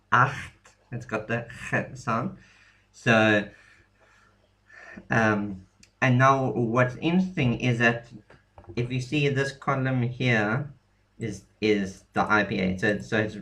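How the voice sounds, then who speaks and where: Young guy teaching letters, kinda low voice, talks slow, keeps going um and restarting. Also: fairly bright tone. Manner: hesitant, many ums and restarts. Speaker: language teacher. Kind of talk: casual explanatory lesson.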